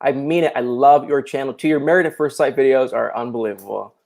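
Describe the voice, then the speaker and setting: A man's voice: mid-range voice, fast, vocal fry, darkish tone. A man in a mid-range voice speaking as a guest on a video call. He talks animatedly and with strong opinions, often stopping to restart his sentences. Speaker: guest YouTuber. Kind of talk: casual chat.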